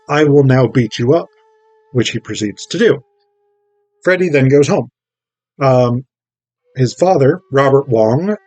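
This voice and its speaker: A man talks through a film plot at an unhurried, drawn-out pace, filling his pauses with ums and uhs. His delivery is wry and loose. The recording is dry and close, with no room echo. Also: mid-range voice, darkish tone. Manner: rambling, filler-heavy, wry. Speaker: film reviewer. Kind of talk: casual film summary.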